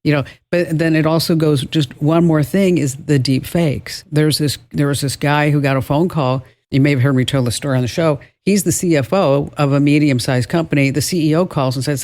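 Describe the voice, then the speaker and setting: A man's voice: on the high side, fairly even intonation, brisk, few pauses, darkish tone. A man hosting a call-in radio show about technology, talking conversationally and often restarting his phrases. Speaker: radio tech show host. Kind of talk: call-in radio talk and tech tips.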